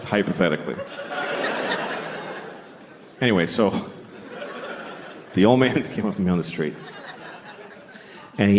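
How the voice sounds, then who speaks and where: A middle-aged man doing a blunt, deadpan stand-up comedy set, often acting out other people's voices. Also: low voice, measured pace, pauses often, a crowd in the background. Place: stage before a laughing audience. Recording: live stage recording with audience noise. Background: audience laughter.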